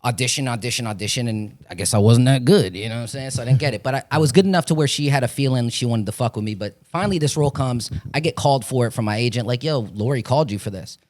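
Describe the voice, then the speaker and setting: A man's voice: medium pitch, very fast, hardly any pauses, a little mellow. A young man from Florida, an actor, telling rambling, profane stories in a casual chat and acting out the voices of the people in them. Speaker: podcast guest, actor.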